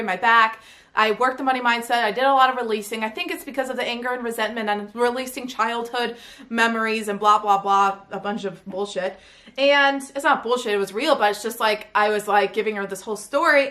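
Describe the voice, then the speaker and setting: A woman tells a personal story on her own podcast. Her voice sits a little high, and she talks in a chatty, animated way, full of "like" and "right?" asides. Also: normal speed. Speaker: podcast host and coach. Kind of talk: casual storytelling monologue.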